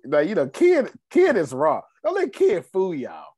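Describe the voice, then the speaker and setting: Lively male coach host, husky edge, dry close sound, hammers points home. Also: sits high, unhurried, no echo. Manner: animated, repeats key points, laughs often. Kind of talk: casual coaching talk on a group call.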